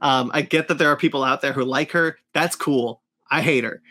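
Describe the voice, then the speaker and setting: A man's voice: mid-range voice, a little fast. Chatty, opinionated man reviewing a show. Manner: animated, opinionated, many fillers and restarts. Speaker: podcast host. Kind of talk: casual review chat.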